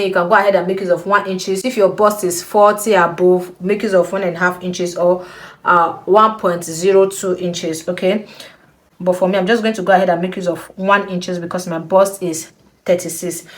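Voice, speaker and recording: A young woman giving a patient step-by-step sewing tutorial, repeating key points and checking in with the viewer. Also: lowish voice. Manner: slow, patient, repeats instructions with frequent "okay?". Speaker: sewing instructor.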